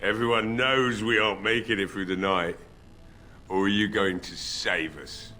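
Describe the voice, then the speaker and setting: A gruff drunk old blacksmith. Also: male voice, fairly low pitch, fairly even intonation, measured pace, sharp tone, a little hiss or hum. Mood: bitter. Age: older. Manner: gruff, weary and bitter. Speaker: game character.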